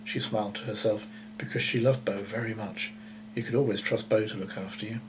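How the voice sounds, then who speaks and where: A man reading a children's story aloud in a gentle, unhurried way, with occasional small slips. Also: on the low side, steady tone, noisy background.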